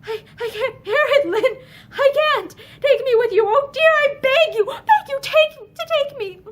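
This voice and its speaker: A woman's voice: very high-pitched, normal speed, voice pushed up. A woman playing a desperate young woman begging her lover. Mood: desperate, pleading. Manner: passionate, pleading, near tears.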